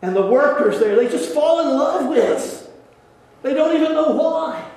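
A man preaching as a pastor, telling stories in an animated way, often laughing and dropping to hushed tones. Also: very high voice. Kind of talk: sermon storytelling. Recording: echoey church hall.

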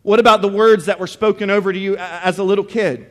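A man's voice: sits high, steady tone, fast talker. A man preaching a sermon as pastor, reading scripture dramatically and pressing the congregation with rhetorical questions. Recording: long hall reverb.

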